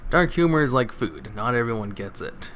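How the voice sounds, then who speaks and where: A man's voice: mid-range voice, normal speed, slight background noise. A man reading jokes from online posts aloud, adding laughing asides and comments between them. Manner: reads flatly, then laughs and comments on the jokes.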